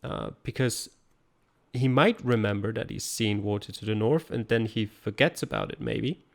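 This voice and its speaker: A man giving calm, explanatory color commentary on an online geography game. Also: lowish voice, normal speed, vocal fry. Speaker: esports co-commentator.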